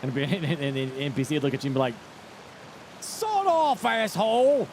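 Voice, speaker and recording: A man's voice: medium pitch, level tone, racing, darkish tone, slight background noise. A man streaming a game live, chatting loosely with his chat, swearing and riffing on ideas as he plays. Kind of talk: casual live-stream chat while gaming.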